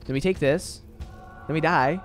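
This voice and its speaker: Young male streamer, loose and chatty with plenty of fillers; voice a bit high, soft music under it. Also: moderate pace. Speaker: game streamer. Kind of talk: casual live-stream chat.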